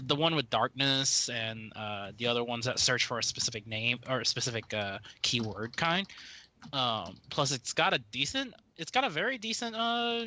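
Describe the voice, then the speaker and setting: A man's voice: medium pitch, pushed and bright, slight background noise. A man on a podcast panel giving a rambling opinion full of fillers. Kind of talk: casual chat.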